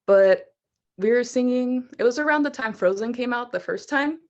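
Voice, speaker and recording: A woman's voice: fairly high pitch, animated, measured pace, pauses often. Young female vocalist guest; chatty storyteller, loose and casual delivery. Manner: chatty, laughs often, fillers like "like".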